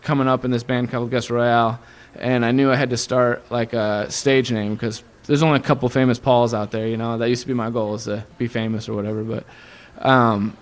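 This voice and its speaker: A young man from Iowa tells stories in a loose, chatty way. He slips into the voices of the people he quotes, lively and quick with the punchlines, in a relaxed interview as a guest musician. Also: mid-range voice. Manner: animated storyteller who acts out quoted voices. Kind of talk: casual storytelling interview.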